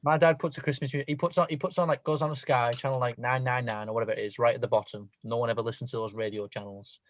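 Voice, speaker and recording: A man co-hosting a casual chat podcast, self-deprecating and trailing off quietly at the ends of thoughts. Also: medium pitch, steady tone, fast talker. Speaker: podcast co-host.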